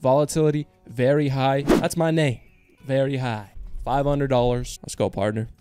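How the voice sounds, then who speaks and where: A man giving casual slot gameplay commentary, joking in slang, swearing a lot and breaking into high yells on big wins. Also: fairly even intonation, moderate pace, smooth, soft background music. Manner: slangy and joking, talks to viewers as bro and partner. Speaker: slot streamer.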